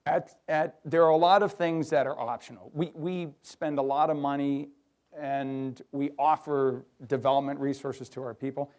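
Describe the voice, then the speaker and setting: A middle-aged man giving a lively workshop talk to an audience, acting out quoted voices. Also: medium pitch, normal speed. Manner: animated, acts out quoted voices. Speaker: workshop speaker. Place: hotel conference room.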